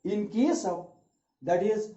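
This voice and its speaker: Guy teaching grammar, high mellow voice, repeats examples, echoey dull recording. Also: animated. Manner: repeats each sentence slowly, explanatory. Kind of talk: classroom grammar lesson. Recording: echoey room, dull lo-fi sound.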